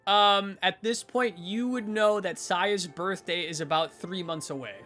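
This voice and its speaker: A man's voice: high voice, unhurried, pushed and bright, soft background music. A man running a tabletop role-playing game as game master, narrating with lots of fillers and self-corrections.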